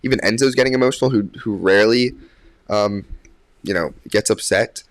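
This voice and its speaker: A man's voice: lowish voice, fairly quick, dry recording. A young man, a podcast guest, telling a story casually with many fillers and restarts. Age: young adult. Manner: animated when quoting others.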